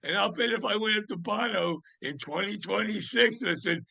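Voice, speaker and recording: A man's voice: high-pitched, a little fast, vocal fry, few pauses, sharp tone, no room sound. A man in his seventies, a podcast guest telling long, rambling stories about music with many fillers and restarts. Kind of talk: casual anecdotal storytelling.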